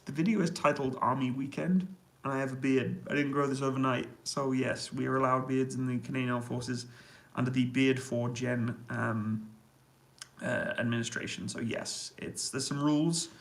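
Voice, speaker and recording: A man's voice: mid-range voice, steady tone, normal speed, vocal fry, poor audio. A man casually chatting on a live stream from army accommodation, reading out viewer comments and answering them in an easygoing way with frequent laughs. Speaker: YouTuber answering live chat. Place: army accommodation room, indoors.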